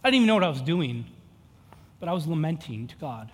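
A pastor in his thirties delivers a sermon in a fairly high voice, moving from relaxed storytelling into fervent, climbing intensity. His words ring out with a long reverb tail in a large church hall. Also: quick pace, long pauses, breathy edge. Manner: earnest storytelling with rising passion.

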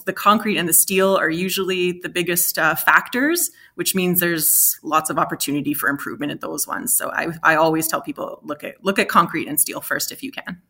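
A woman's voice: sits low, pushed and bright. A woman, a guest expert, explaining building emissions in a conversational interview with many fillers and restarts.

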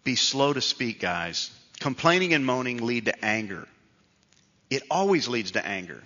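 A man's voice: mid-range voice, sing-song, normal speed, bright, forceful tone. Man preaching in a reverberant hall. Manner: conversational storytelling preacher, self-deprecating. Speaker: pastor. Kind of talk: sermon. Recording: dull reverberant hall sound.

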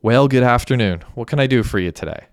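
A man's voice: medium pitch, animated, quick pace, dry recording, studio quality, pitched above the performer's own voice, lightly acted. A man voicing an easygoing, sly young man with a breezy, mock-polite cheerfulness. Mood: mock-cheerful.

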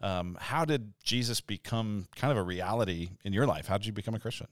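A man in his forties, a pastor hosting a casual church podcast, easygoing and quick to laugh. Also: on the low side, dry recording, clean studio sound. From Denver, Colorado.

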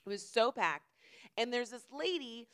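A young woman who writes comedy, telling an animated story in casual chat and swearing freely. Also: on the high side, moderate pace, clean tone. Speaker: late-night comedy writer.

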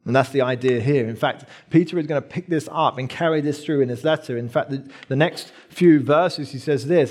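A man's voice: mid-range voice, a little fast, few pauses, a little mellow. A man in his thirties preaching a sermon as pastor, earnest and emphatic, repeating key phrases.

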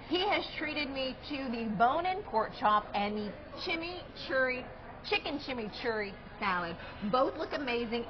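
A woman's voice: on the high side, highs cut off, background noise. A woman hosting a local TV show, chatting upbeat with a restaurant owner while tasting dishes on location. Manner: upbeat, chatty, describing food as she tastes. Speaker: TV show host. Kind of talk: casual on-location interview. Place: restaurant dining room.

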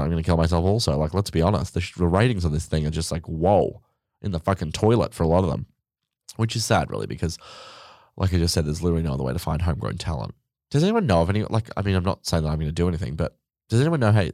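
Blunt, sweary podcast host. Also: male voice, low voice, animated, rapid-fire, darkish tone, no room sound, studio quality. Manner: blunt, sweary, rambling, mock voices for quoted people. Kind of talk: casual solo podcast rant.

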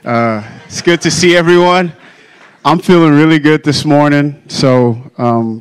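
High-voiced joking male pastor. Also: fairly bright tone, rough recording. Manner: joking, self-deprecating, conversational. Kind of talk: sermon.

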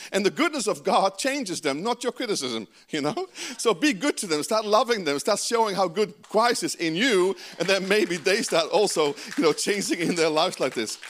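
A Dutch-accented man preaches a sermon in a lively, emphatic way. His voice sits high for a man and leaps up and down with every point. He talks straight to the congregation, breaking off into asides. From Netherlands. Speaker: pastor.

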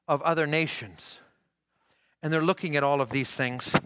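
A pastor preaching a sermon in church, rising to fervent shouts, with frequent halting restarts. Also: male voice, on the high side, steady tone, clear, resonant tone.

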